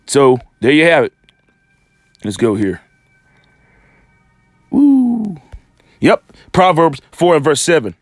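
Animated, scornful preaching man. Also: fairly high pitch, slow pace, pauses often, no echo, clean studio sound. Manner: preachy and scornful, quoting scripture; animated, rambling with restarts. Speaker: religious commentator. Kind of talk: off-the-cuff rant to camera.

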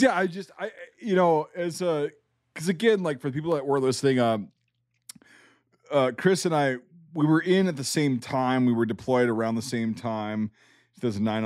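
A man's voice: mid-range voice, a little fast, a little mellow, no room sound. Blunt profane man, dry mic. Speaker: podcast host. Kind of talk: casual podcast chat.

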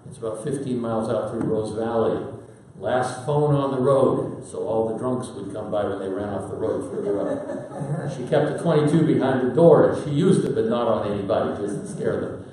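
A man preaching a sermon in a folksy storytelling manner with dramatic pauses. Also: fairly low pitch, mellow. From Pacific Northwest, United States. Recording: very echoey hall, voice from far off.

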